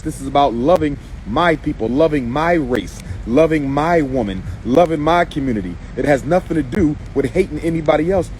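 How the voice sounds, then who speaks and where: A man's voice: fairly high pitch, darkish tone, a little hiss or hum, rough recording. A man delivering a live-streamed monologue as an activist commentator, emphatic and repetitive, speaking straight to the person he answers. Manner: emphatic and repetitive, addressing someone directly.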